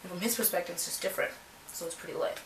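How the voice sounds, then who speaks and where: Doing her makeup, a young woman from Canada chats and rambles very fast, her lowish voice fairly even in intonation and her Canadian accent clear. This beauty vlogger leans on filler words, recorded on a distant mic in a roomy space with faint noise.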